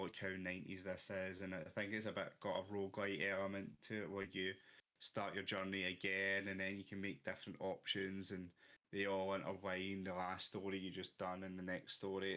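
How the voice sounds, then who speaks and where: A man's voice: sits low, little pitch movement, moderate pace, bright, forceful tone. A young man co-hosting a casual gaming podcast, rambling and hesitant with lots of ums and jokes. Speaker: podcast co-host.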